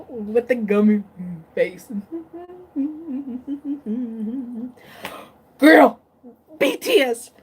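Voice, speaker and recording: A woman's voice: on the high side, very animated, very slow, pauses often, husky. A woman vlogger chatting casually on a live stream, emotional and tearful, gushing and laughing often.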